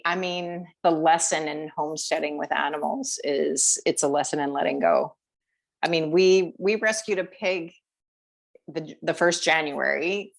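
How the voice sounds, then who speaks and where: A woman guest on a podcast, talking casually about homesteading, with many fillers and small laughs. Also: on the low side. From Canada. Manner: chatty, hesitant with fillers, laughs. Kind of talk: casual chat.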